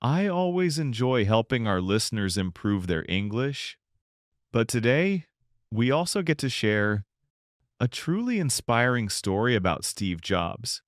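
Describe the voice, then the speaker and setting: A man co-hosting an English-learning podcast, calmly explaining simple words in a scripted dialogue. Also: mid-range voice, measured pace, no room sound, studio quality. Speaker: podcast co-host.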